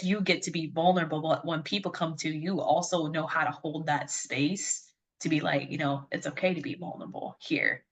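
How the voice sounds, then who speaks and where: A woman's voice: low voice, bright, forceful tone, far from the mic. A woman co-hosting a podcast in casual chat, reflective as she adds advice to her co-host's point. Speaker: podcast co-host.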